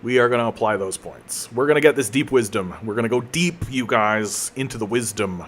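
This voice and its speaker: A man's voice: medium pitch, fairly quick, hardly any pauses, a bit bright, slight background noise. Joking man streaming a game. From Canada. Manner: rambling, joking, self-mocking, many restarts. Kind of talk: casual chat while streaming a game.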